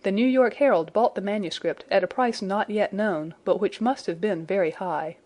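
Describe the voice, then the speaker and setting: A woman reading a classic adventure novel aloud in a measured, even storytelling manner. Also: medium pitch. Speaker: audiobook reader.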